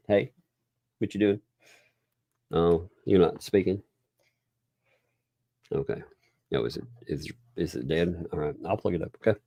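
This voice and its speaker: A man's voice: low voice, creaky, mellow, no echo. Guy hosting a live stream, rambly and chuckly, super dry close sound. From Oklahoma. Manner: rambling, chuckles often, thanks viewers. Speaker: livestream host. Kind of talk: casual live stream chat.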